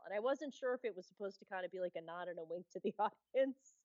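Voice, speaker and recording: A woman's voice: medium pitch, expressive, quick pace, darkish tone, dry recording. Woman telling a movie story, chatty, little laughs, dry muffled mic. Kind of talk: casual film discussion, storytelling. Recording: slightly muffled, lo-fi sound.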